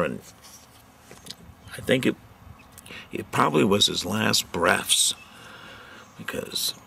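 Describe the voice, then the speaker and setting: Gravelly folksy man telling jokes. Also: low-pitched, pushed and bright, slight background noise. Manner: folksy and chatty, many fillers, chuckles at his own jokes. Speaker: host of a community show segment. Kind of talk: rambling joke-telling monologue.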